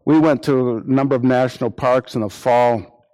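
A man preaching a sermon, repeating phrases for emphasis and acting out imagined quotes in lively voices. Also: medium pitch, normal speed.

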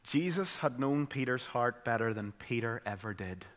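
A man with a Northern Irish accent preaching a sermon, moving from loud, dramatic emphasis to hushed, solemn tones. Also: medium pitch, animated, normal speed.

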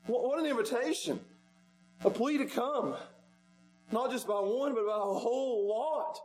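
A male pastor preaching a sermon in a church sanctuary, repeating his pleas with passion and swinging from loud pleading to hushed. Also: extremely high pitch, unhurried, slight background noise, rough recording.

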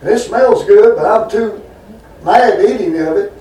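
A man's voice: high voice, measured pace, warm tone, recorded from a distance. A man preaching a folksy, rambling sermon full of homespun stories and asides to his congregation. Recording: roomy hall, voice from off mic.

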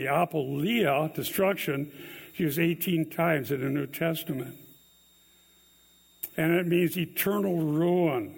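A man's voice: on the high side, vocal fry, slightly rough. A man preaching an earnest expository sermon, stressing key words with emphasis. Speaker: pastor.

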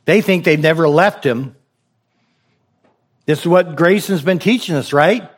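Speaking a little slowly, with a breathy edge to his higher-leaning voice, a pastor delivers a sermon to his congregation. He urges them on, asking rhetorical questions and repeating phrases to drive his point home.

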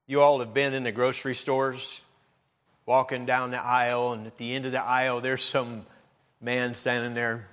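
A man's voice: mid-range voice, little pitch movement, moderate pace, a bit bright. A man preaching a sermon, telling folksy stories and rising into emphatic appeals. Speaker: pastor. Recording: long hall reverb.

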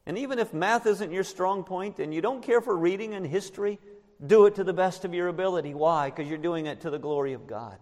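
A male pastor preaching a sermon to his congregation, emphatic and slowing down on key words. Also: high-pitched, a little mellow. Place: church sanctuary. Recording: long reverb in a large church.

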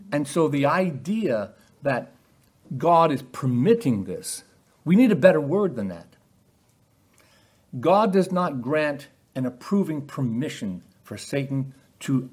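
A man preaching a sermon, posing rhetorical questions and acting out quoted lines with animated emphasis. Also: medium pitch, husky.

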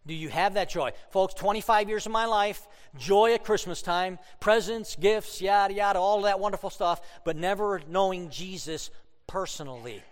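A man preaching a sermon, telling stories with humor and sudden loud outbursts. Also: high voice, moderate pace, smooth, long reverb tail. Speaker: pastor.

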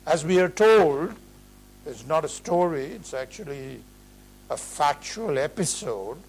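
A man preaching an earnest, emphatic expository sermon in a measured way. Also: fairly high pitch, lively intonation, a little hiss or hum, low-quality recording.

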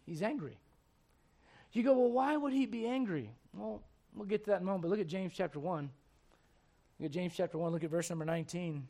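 A male preacher gives a rousing sermon before a congregation in church, often putting questions to them. His voice is high and dark-toned, with a quick pace broken by long pauses.

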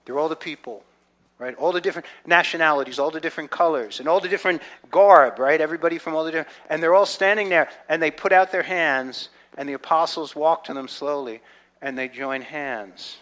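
Man, fairly high voice, earnest conversational Bible teacher, shifts from hushed to loud and excited. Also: a little fast. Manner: earnest, often checks in with "right?"; swings between soft reflective and loud excited delivery.

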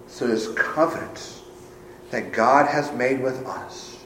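A male pastor preaching a sermon, moving between hushed, low phrases and raised, emphatic ones. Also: slow, roomy sound, a little hiss or hum, poor audio. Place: church sanctuary.

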